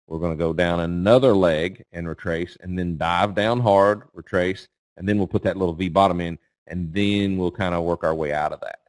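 A man's voice: sits low, darkish tone, no echo. A middle-aged man with a Kentucky accent, giving a folksy, casual webinar presentation as a guest speaker on trading. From Eastern Kentucky, US. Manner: folksy, casual, checks in with "okay?" and "right?".

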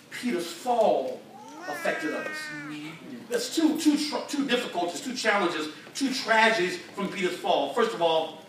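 An older man with a high, fairly bright voice preaches in a church sanctuary, telling folksy, humorous stories full of colloquial speech. The recording is echoey and distant, with a little hiss or hum and the congregation audible.

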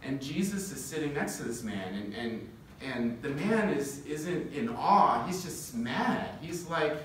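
Young preacher in a very echoey room. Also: male voice, medium pitch, lively intonation, a bit bright, a little hiss or hum. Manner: storytelling with quick laughs, building to impassioned lists. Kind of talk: sermon. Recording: echoey room, distant mic.

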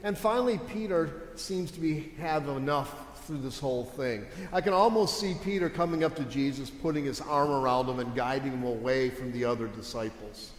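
A man's voice: medium pitch, moderate pace, few pauses, slight background noise. A male pastor giving a sermon in a conversational, emphatic way, asking his listeners rhetorical questions. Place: church sanctuary. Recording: echoey church with long reverb.

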